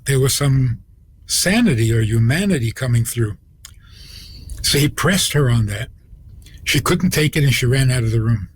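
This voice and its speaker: A man, a rabbi, telling a story on a radio program, with deliberate pauses and acted-out quotes. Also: medium pitch, slightly rough.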